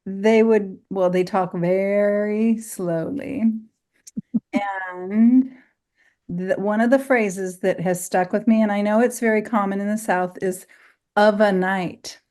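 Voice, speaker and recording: A woman's voice: medium pitch, steady tone, unhurried, warm tone. A married woman sharing an amused anecdote in a video-call training discussion. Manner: storytelling, amused. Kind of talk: casual group discussion.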